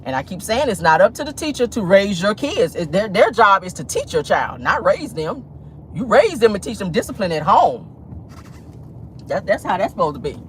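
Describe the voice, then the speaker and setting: A woman's voice: fairly low pitch, noisy background. A woman hosting a celebrity gossip show in casual, sassy commentary full of slang and laughter, talking from a car.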